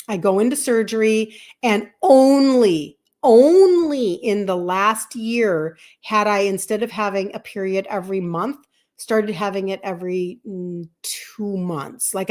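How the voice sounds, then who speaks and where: Chatty woman in her fifties telling a story. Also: medium pitch. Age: 50s. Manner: chatty, animated, acts out quoted dialogue. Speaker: health coach hosting a live stream. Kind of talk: casual live-stream storytelling.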